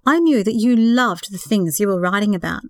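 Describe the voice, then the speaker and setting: A woman voicing a hopeful, earnest young woman in love, speaking softly and a little higher than her narration. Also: expressive, normal speed, no room sound, studio quality, lightly acted. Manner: earnest, emotional, sighing.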